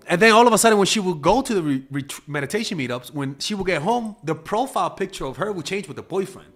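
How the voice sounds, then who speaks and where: A man's voice: fairly high pitch, very animated, a little fast, a bit bright, faint music behind. A man giving blunt, casual dating advice in a monologue, swearing freely and acting out quoted exchanges in a raised voice. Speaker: dating coach.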